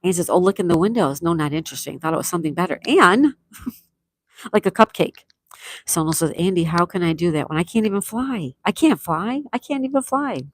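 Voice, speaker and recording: Reading her viewers' comments at a quick clip, a middle-aged livestream host speaks in a fairly low, animated voice, warm and chatty with frequent laughter. The audio is dry and studio quality.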